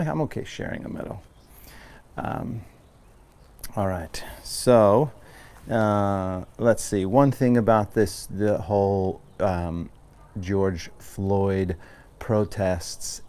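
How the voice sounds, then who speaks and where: A deep, slightly mellow voice belongs to an American yoga teacher from Long Island, New York. In casual class talk, he speaks earnestly and rambles with many restarts before guiding the class.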